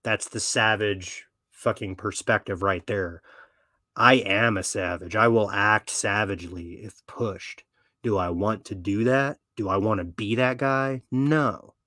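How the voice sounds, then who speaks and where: A low-pitched man holding forth in a blunt, swaggering monologue, swearing freely as he goes. The sound is dry and close, with no room around the voice. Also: a little slow, pushed and bright, no room sound. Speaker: podcast host. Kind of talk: profane opinionated monologue.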